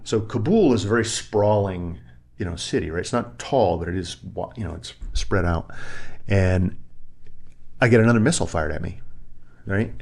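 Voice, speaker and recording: A man's voice: sits low, normal speed, gravelly, darkish tone. A middle-aged man, a retired army pilot being interviewed, telling war stories and acting out other people's voices. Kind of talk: animated storytelling in conversation.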